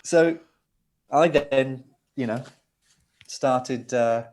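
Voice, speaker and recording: Middle-aged producer, animated raconteur, mid-range pitch. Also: male voice, very slow. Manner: lively, laughing, with restarts and asides. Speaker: guest, record producer. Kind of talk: anecdotal interview storytelling.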